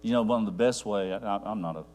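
Man, pastor, sermon, rambling, restarts, goes hushed, mains hum in the background. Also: lowish voice, quick pace. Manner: rambling with restarts, drops to a near hush for quiet points.

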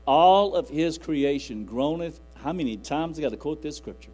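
A man's voice: fairly high pitch, animated, moderate pace, hardly any pauses, darkish tone, poor audio. A man preaching a sermon in a folksy, rambling way, quoting scripture aloud. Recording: faint music and mains hum.

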